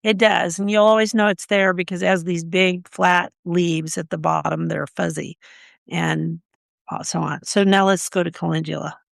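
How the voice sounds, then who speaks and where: A woman's voice: on the low side, steady tone, normal speed, creaky, no echo, clean studio sound. A woman co-hosting a gardening podcast, chatting casually and telling stories with frequent laughs. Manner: chatty, storytelling, laughs often. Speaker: podcast co-host.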